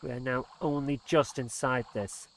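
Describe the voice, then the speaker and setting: A man's voice: mid-range voice, steady tone, normal speed, slight background noise. A man commentating casually on his gameplay as a let's play host, exasperated and muttering under his breath.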